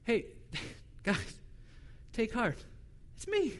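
A man voicing a calm, laid-back spiritual teacher in a sermon retelling, speaking softly. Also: extremely high pitch, extremely slow, exaggerated voice. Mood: reassuring. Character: calm teacher figure, man, unhurried and reassuring.

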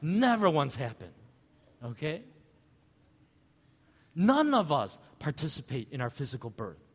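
A man preaching a sermon as pastor, conversational and animated, asking rhetorical questions. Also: on the high side, unhurried, breathy edge, long reverb tail.

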